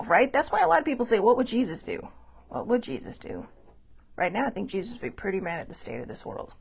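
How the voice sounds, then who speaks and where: Chatty raspy-voiced woman vlogger. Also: mid-range voice. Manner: chatty, rambling, self-deprecating asides. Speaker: wellness vlog host. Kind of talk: casual self-help chat.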